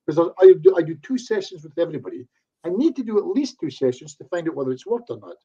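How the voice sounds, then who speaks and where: A man's voice: on the high side, very animated, fast, dark tone, breathy edge, muffled recording. A man, a hypnotherapist chatting casually in an interview and acting out bits of client talk. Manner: chatty, acts out quoted voices in asides. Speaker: hypnotherapist guest. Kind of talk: casual online interview chat.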